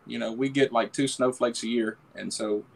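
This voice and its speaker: A man from Alabama with a thick Southern US accent, chatting casually as a guest on a live stream in a slow, laid-back drawl. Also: medium pitch, steady tone, gravelly, a little hiss or hum. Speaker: guest reseller.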